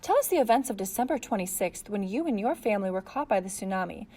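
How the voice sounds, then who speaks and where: A woman's voice: mid-range voice, expressive, fast talker, lightly acted. Pushy TV reporter woman, as a reader does her. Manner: bright and pushy.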